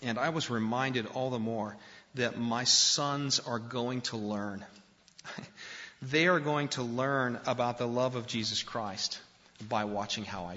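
Bright-voiced male pastor preaching in a hall. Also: mid-range voice, fairly even intonation, takes it slowly, pauses often. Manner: earnest, direct preaching addressed to men. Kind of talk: sermon. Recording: dull lo-fi recording in a reverberant hall.

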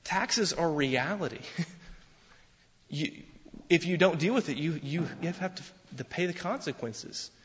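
Male pastor, sermon delivery, lively and conversational, slightly raised pitch, long hall reverb, dull sound. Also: measured pace, slight background noise. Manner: animated, conversational preaching with repeated restarts.

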